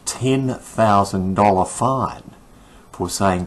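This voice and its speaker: A man's voice: low voice, a little slow, a little hiss or hum, poor audio. An older man, giving an indignant, sarcastic rant about the day's news. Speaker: commentator. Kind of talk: ranting opinion monologue.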